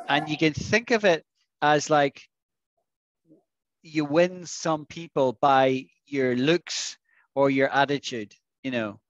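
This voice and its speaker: A man leads an online English vocabulary class over a video call, patient and coaxing as he sounds out each word slowly for his students. His voice sits at an ordinary middle pitch. The sound is dry, with no room echo. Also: highs cut off. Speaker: English teacher.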